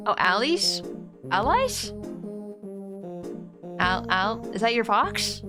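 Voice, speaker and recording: A woman streaming a game live, excitable and laughing as she comments and reads lines aloud. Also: a little high, slow pace, pauses often. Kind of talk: live let's-play commentary. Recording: game music under the voice.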